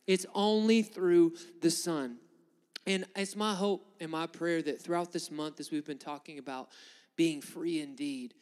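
A male pastor preaching a sermon in church, swinging from loud, impassioned preaching to hushed pleading. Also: fairly high pitch. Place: church sanctuary.

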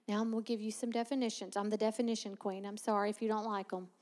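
High-voiced woman preaching in a reverberant hall. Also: a little fast, hardly any pauses. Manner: lively, laughing asides, teaching tone. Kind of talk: sermon.

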